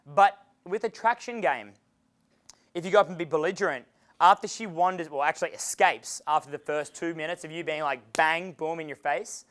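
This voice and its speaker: In a seminar lecture, a male dating coach talks at a moderate pace with a higher-sitting, fairly bright voice. He's relaxed and conversational, cursing freely and cracking himself up over his own anecdotes.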